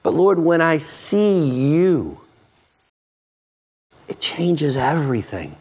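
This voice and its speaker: Gravelly man preaching with earnest fervor. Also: on the high side, takes it slowly. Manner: earnest, repeats words and restarts, rises to loud excitement. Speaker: pastor. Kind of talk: sermon.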